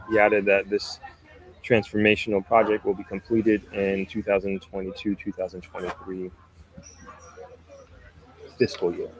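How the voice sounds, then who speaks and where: A man with a low, fairly flat voice hosts a live stream from outdoors near a beach. He reads news articles aloud and keeps breaking off for relaxed, chatty asides to his viewers. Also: rough recording.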